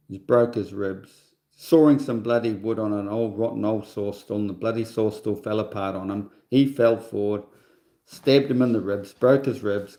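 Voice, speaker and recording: A man's voice: fairly low pitch, warm tone, echoey room. A man in his sixties hosting a livestream in a rambling, casual monologue, scornful and full of chatty asides. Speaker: livestream host.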